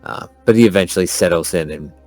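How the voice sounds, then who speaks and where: A man's voice: low-pitched, quick pace, a little mellow, faint music behind. A man playing a tabletop game, talking crudely and swearing freely. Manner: crude and profane. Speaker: player. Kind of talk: casual tabletop game play.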